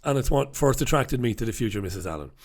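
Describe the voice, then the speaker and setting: A man's voice: medium pitch, lively intonation, quick pace, a little mellow. A middle-aged man hosting a casual live stream from a home studio, chatty and self-mocking. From Ireland. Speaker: host.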